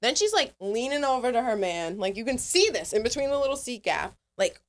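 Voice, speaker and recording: A woman's voice: fairly high pitch, sing-song, brisk. A woman co-hosting a podcast, telling travel stories in casual chat, swearing often and acting out the people she quotes. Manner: self-described yapper. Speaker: podcast co-host.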